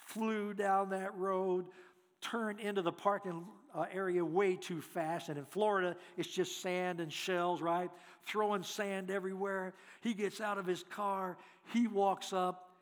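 A man preaching as a guest speaker, telling folksy stories in an animated way and acting out voices. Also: sits high, unhurried, big-room sound. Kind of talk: storytelling sermon.

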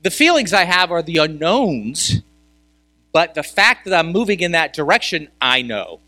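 Male pastor, sermon, bright tone, dry sound, repeats words for emphasis. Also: fairly high pitch, very animated, moderate pace, no echo. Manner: conversational preaching with rhetorical questions.

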